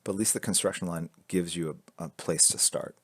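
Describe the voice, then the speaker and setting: A man with a deep, low voice talks through a drawing step by step on a live stream, relaxed and joking, answering chat as he sketches. The sound is dry and close, with no room around it. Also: a little fast, no echo. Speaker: artist streaming a drawing lesson. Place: indoors at a drawing board. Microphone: camera fixed to drawing board.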